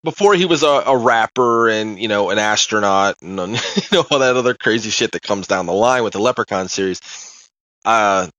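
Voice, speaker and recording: A man with a lowish but very lively voice, swinging up and down in pitch as he tells stories. He laughs easily and swears offhand in casual podcast chat, recorded dry and close. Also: moderate pace, no room sound, highs cut off. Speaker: podcast co-host.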